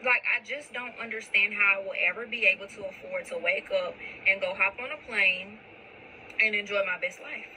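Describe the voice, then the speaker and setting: A woman's voice: mid-range voice, steady tone, moderate pace, bright, forceful tone, a little hiss or hum, low-quality recording. A woman ranting casually about money, sounding frustrated and incredulous. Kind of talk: casual rant.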